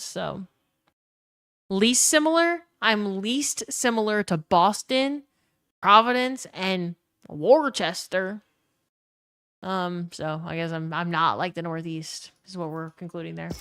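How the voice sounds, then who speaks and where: A woman's voice: medium pitch, a bit bright, no echo, clean studio sound. A young woman from Louisiana with a New Orleans accent, chatting casually with her stream chat and swearing freely. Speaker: gaming streamer.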